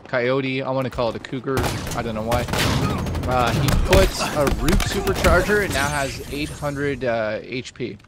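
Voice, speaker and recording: A man streaming a game who reads out donations and tells animated stories in casual chat, swearing freely. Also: mid-range voice, normal speed, heavy background noise. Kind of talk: casual chat while gaming. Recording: game music loud underneath.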